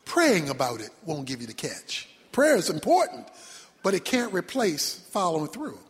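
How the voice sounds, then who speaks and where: A male pastor preaching a sermon, emphatic, swinging from shouted points to quiet low asides. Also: huge pitch swings, normal speed, breathy edge. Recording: long reverb from a large hall.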